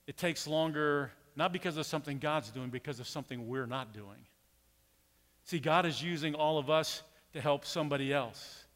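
A man's voice: fairly high pitch, smooth. A man preaching a sermon as a pastor, talking casually and telling a story animatedly. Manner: conversational, animated storytelling with acted quotes. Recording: long hall reverb.

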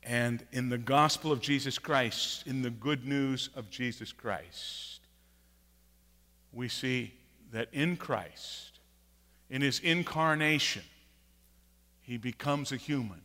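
Slow, emphatic male preacher in a reverberant hall. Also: mid-range voice. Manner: emphatic, repeats key phrases, swings from quiet to loud. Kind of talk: sermon.

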